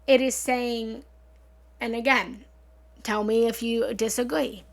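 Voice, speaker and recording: A woman's voice: fairly high pitch, steady tone, takes it slowly, creaky. A woman hosting a live meditation talk, chatting earnestly with viewers as she reads their comments, recorded on a studio mic at home. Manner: earnest, chatty, often repeats herself and thanks viewers. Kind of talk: casual live-stream talk, reading and answering comments. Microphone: studio mic through a small soundboard.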